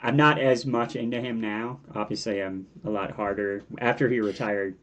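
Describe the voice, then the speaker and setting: A man with a low-pitched voice talks casually as an interview guest. He is animated and restarts his sentences often, slipping into quoted thoughts from his past. He sounds like someone in his forties. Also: normal speed, dull audio, a little hiss or hum. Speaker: podcast guest.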